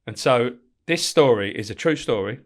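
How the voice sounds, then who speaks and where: A man's voice: mid-range voice, moderate pace. A man, a former prison officer, telling anecdotes in a podcast interview with frequent swearing. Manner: animated, swears freely, acts out voices. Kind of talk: anecdotal storytelling.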